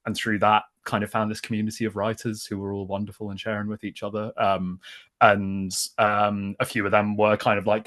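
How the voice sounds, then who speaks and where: A man's voice: on the low side, a bit bright. A man in his thirties from North London, with a London accent tinged by Manchester, talking chattily as a poet guest, with lots of "like" and "kind of". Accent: London, with a slight Manchester tinge. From North London, England. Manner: chatty, many fillers like "like" and "kind of". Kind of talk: casual chat.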